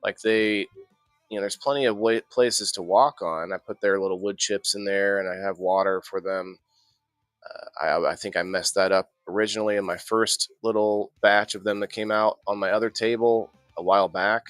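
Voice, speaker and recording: Low-voiced man rambling on a grow stream. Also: fairly even intonation, normal speed, a bit bright, no room sound, studio quality, faint music behind. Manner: rambling, chatty, frequent restarts and laughs. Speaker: host of an indoor growing show. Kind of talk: casual live-stream chat.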